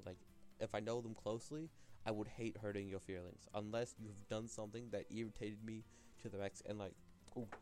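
A man's voice: on the low side, darkish tone. A young man talking alone on his podcast, rambling and restarting his sentences, full of filler words. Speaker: podcast host. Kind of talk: solo podcast monologue.

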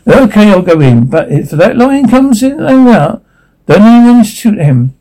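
A nervous, bumbling coward from a 1940s radio comedy, as a man plays him. His voice rides high and whiny, jittery and excitable, with a mellow, rounded tone. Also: unhurried, full character voice, low-quality recording. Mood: indignant. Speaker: comedy sidekick.

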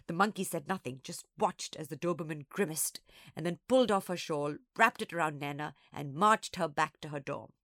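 A woman reading a children's story aloud, expressive and engaged. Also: low-pitched, moderate pace, no echo, studio quality. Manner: expressive, lively.

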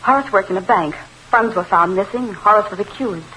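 A woman's voice: medium pitch, fairly quick, pushed and bright, a little hiss or hum, close to an everyday voice, rough recording. A woman playing an emotional, defensive widow in a 1940s radio drama, breathless and pleading. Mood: distraught.

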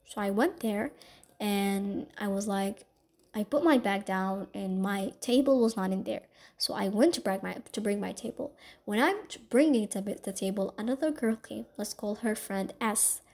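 A woman talks through a personal story in a mellow, warm voice. She rambles and gossips, checking in with "okay?" and filling gaps with "like". It plays as a casual podcast monologue. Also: mid-range voice, normal speed. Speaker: podcast host.

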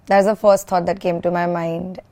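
A woman in her thirties co-hosting a casual podcast with her husband, giving brief, soft-spoken replies. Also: fairly low pitch, level tone, normal speed. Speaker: podcast co-host. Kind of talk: casual couple's podcast chat.

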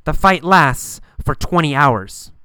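A man narrates a story to teach English pronunciation, delivering each phrase slowly, clearly and emphatically, repeating lines so learners can copy them. His voice is bright and crisp with a lively pitch, recorded close and dry with no room sound.

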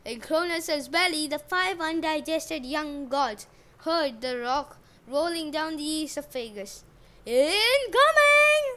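Storybook podcast host, a woman with a high voice, unhurried narration and jokey asides. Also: a bit bright, a little hiss or hum. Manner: jokey asides, modern slang. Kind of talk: casual myth storytelling podcast.

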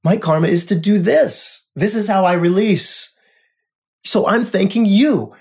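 A man hosting a spiritual podcast, talking earnestly in a monologue, repeating phrases and often dropping to a soft hush. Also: high-pitched, unhurried. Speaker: podcast host.

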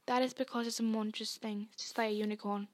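A woman's voice: on the high side, little pitch movement, brisk, no echo, natural voice. A woman reading aloud, voicing a proud young male centaur with a raised, insistent delivery. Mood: grave.

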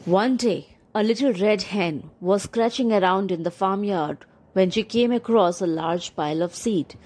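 A woman reading a children's story aloud in a measured storytelling manner. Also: medium pitch, a little mellow.

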